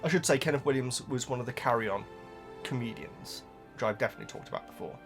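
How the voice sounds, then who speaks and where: A man's voice: mid-range voice, quick pace, faint music behind. A man chatting casually on his own channel, rambling with many restarts between topics. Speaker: book reaction host. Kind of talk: casual chat while reading.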